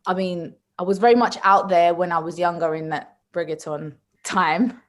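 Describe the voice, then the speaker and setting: A woman, a podcast guest who tells animated stories in casual chat and laughs often. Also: fairly low pitch, moderate pace.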